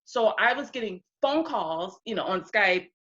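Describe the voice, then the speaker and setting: Bright-voiced young woman, lo-fi call. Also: mid-range voice, expressive, normal speed. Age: 20s. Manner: chatty storyteller, often acts out quotes. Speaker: guest. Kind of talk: casual interview chat.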